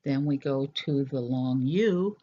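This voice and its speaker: A teacher gives a recorded language lesson, explaining slowly and deliberately with hesitant fillers. The voice is medium-pitched, mellow and husky, and the lo-fi recording sounds dull.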